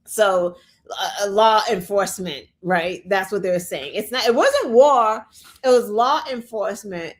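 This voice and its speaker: A woman's voice: on the high side, animated, measured pace. A woman hosting a show, ranting in an exasperated way, full of rhetorical questions and "like" and "right?". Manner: fillers like "like" and "right?". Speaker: show host. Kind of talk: opinion rant.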